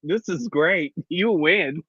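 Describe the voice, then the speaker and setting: A man chatting as a guest on a video call, laughing often and exclaiming loudly. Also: on the high side, drawn-out words, breathy edge, no echo. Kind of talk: casual chat. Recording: dull lo-fi sound.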